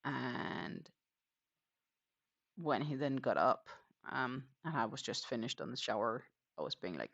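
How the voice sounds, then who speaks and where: A crochet livestream host chatting casually while working, rambling with lots of hesitations and quietly counting stitches. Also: mid-range voice, expressive, takes it slowly, long pauses. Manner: rambling and hesitant, many fillers, counts stitches under breath.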